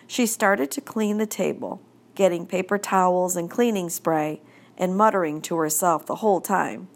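A woman narrating a children's audiobook in a gentle, deliberate storytelling manner. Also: lowish voice, gravelly.

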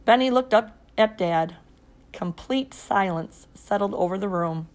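A woman reading a first-person children's story aloud. Her narration is expressive and steady. She keeps the storytelling clear. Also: medium pitch, measured pace. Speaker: audiobook narrator.

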